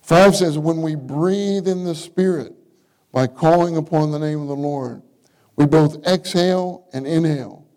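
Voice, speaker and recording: A preacher speaks to his congregation in a conversational, interactive style, regularly asking them questions during the church meeting. He sounds somewhat high and mellow, talks a bit slowly, and the recording quality is low.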